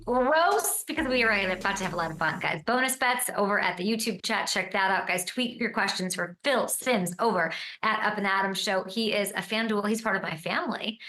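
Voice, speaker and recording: A woman hosting a sports talk show, bubbly and quick in banter with her guest. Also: medium pitch, pushed and bright, roomy sound, faint music behind.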